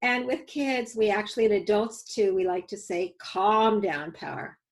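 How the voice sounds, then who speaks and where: A woman's voice: medium pitch, moderate pace, darkish tone, low-quality recording. A woman safety educator teaching a webinar over a video call, telling stories and coaching her audience through exercises in an earnest way. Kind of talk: webinar teaching with live demos.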